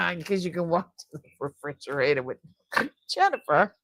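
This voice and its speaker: A woman's voice: lowish voice, very animated, normal speed, sharp tone. A middle-aged woman hosting a live jewelry sale, chatting casually with her viewers, often laughing and trailing off mid-sentence. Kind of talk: casual live-stream chat.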